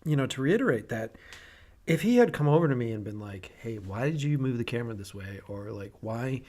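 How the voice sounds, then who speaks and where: A man, a director hosting a podcast, chatting casually with relaxed, profane, halting storytelling. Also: mid-range voice.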